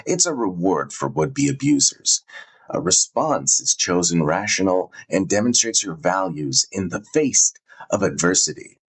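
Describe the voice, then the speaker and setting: Earnest low-voiced man narrating. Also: very animated, unhurried, breathy edge, rough recording. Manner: earnest, emphatic. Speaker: self-help narrator. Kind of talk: scripted narration.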